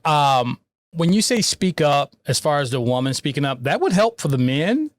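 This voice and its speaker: Man co-hosting a podcast, slightly high voice. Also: big pitch swings, normal speed, no echo. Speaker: podcast co-host. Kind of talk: casual interview hosting.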